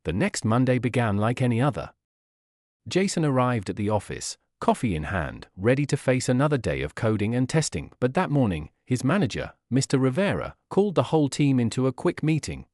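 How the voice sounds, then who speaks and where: Man, graded-reader narrator, clear measured delivery, lively intonation. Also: medium pitch, dry recording, studio quality. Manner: clear, measured reading for learners. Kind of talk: scripted storybook narration.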